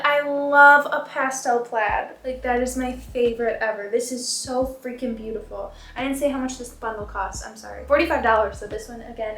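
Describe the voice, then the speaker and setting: A woman in her twenties doing a casual unboxing vlog, gushing and squealing with excitement. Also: fairly high pitch. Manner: gushing, squealing excitedly, says "shut up" and "oh my God". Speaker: fashion vlogger. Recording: echoey room with faint background music.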